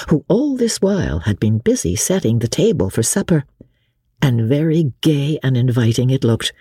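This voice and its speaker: A woman narrating a classic novel as an audiobook in an expressive storytelling manner. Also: very deep voice, husky, no echo, clean studio sound.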